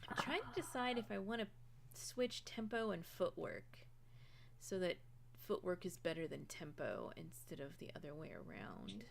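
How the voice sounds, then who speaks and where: A woman's voice: lowish voice, animated, moderate pace, vocal fry. A woman playing a tabletop game, thinking aloud about swapping skills. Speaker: player. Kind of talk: casual tabletop play.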